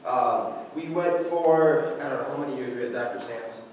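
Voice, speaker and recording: A young man telling his own story in a church service, halting, with many fillers and restarts. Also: medium pitch, a little mellow. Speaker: guest speaker sharing his story. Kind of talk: informal testimony in a church service. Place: large church sanctuary. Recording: echoey hall, distant mic, faint noise.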